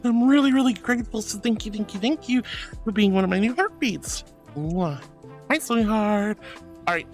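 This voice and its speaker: Man, high voice, very lively pitch, affectionate, giggly, casual live-stream chat, faint music behind. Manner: affectionate and bubbly, calls viewers sweetheart and darling.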